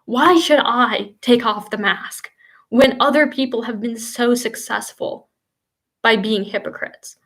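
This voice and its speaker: A woman's voice: fairly high pitch, a little slow, fairly bright tone. Role: sarcastic, scheming nobleman voiced lightly by a woman, smug and mocking.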